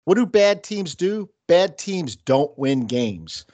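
A man's voice: on the high side, big pitch swings, slow, dark tone, dry recording. A man co-hosting a casual sports podcast, arguing his points emphatically with rhetorical questions. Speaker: podcast co-host.

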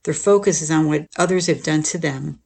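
Gravelly-voiced podcast host, chatty delivery. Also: mid-range voice, fairly quick. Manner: conversational, often checks in with "right?" and "you know"; acts out quoted lines in a lifted, animated voice. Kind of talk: casual explanatory talk on relationships.

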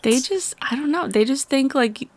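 A woman's voice: sits high, lively intonation, moderate pace, dry recording. A woman co-hosting a podcast in casual chat, blunt and frank, swearing freely as she complains. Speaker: podcast co-host.

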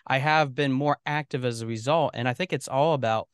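A man's voice: medium pitch, brisk, clean tone, no echo, clean studio sound. A man hosting an interview podcast, asking long, earnest questions. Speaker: podcast host.

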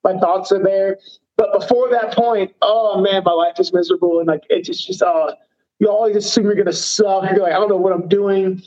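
A man's voice: high voice, fairly even intonation, fairly quick, a little mellow, lo-fi sound. A man, a professional fighter, talking casually in an interview, rambling with many fillers and poking fun at himself. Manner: rambling, self-deprecating, lots of fillers.

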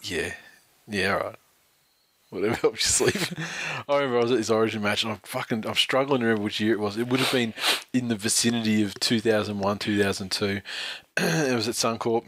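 A man's voice: lowish voice, fairly quick, fairly bright tone, no room sound. An Australian man co-hosting a casual podcast, telling blunt, sweary stories and reading out a listener's email. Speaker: podcast co-host.

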